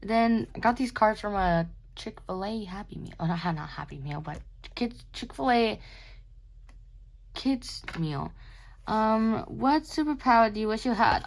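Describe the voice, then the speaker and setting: Showing off her sketchbook, this young woman artist has a mid-range, animated voice that moves a little slowly. Her casual talk is rambling and giggly, full of self-mockery, and she comes across sleepy, yawning now and then.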